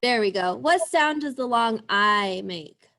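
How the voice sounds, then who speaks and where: A young woman teaching a young class over a video call, drawing out sounds slowly and encouraging the children. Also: fairly high pitch, expressive, fairly bright tone, a little hiss or hum. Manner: slow, encouraging, drawn-out sounds. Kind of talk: online class lesson.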